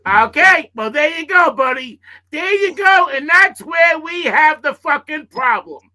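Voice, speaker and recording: A man's voice: very high voice, lively intonation, a little slow, bright, forceful tone, low-quality recording. A man on a live panel, talking in a heated way, repeating himself and swearing. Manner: repetitive, heated, profane. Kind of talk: heated live-stream chat.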